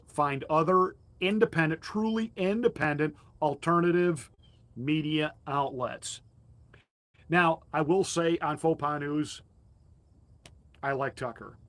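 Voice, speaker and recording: A man's voice: on the high side, a little slow, pauses often, a bit bright. A male pastor delivering a combative, mocking political commentary monologue with emphatic jabs.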